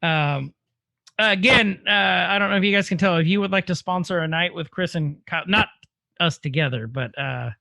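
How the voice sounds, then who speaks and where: A man in his thirties co-hosting a casual podcast, animated, laughing easily and admitting he tears up at films. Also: high-pitched, brisk, creaky, no echo, clean studio sound. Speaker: podcast co-host. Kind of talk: casual chat.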